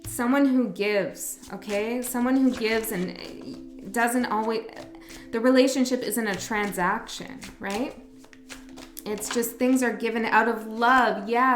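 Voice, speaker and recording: Gentle, rambling woman tarot reader. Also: mid-range voice. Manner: gentle, rambling, self-correcting, soft laughs. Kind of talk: casual tarot reading. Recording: echoey room with faint music.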